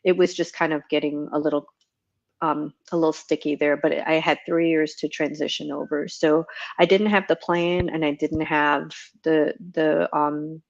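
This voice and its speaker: Low-voiced woman telling her story. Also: steady tone, normal speed, gravelly. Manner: rambling, many ums, laughs at herself. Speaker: guest, retired Navy chief petty officer. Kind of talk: relaxed storytelling interview. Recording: muffled lo-fi audio.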